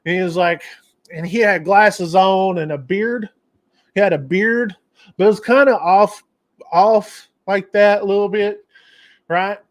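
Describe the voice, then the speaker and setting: Male host, higher-pitched voice, loose rambling storyteller on a casual livestream. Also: unhurried, long pauses. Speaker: trucking channel host.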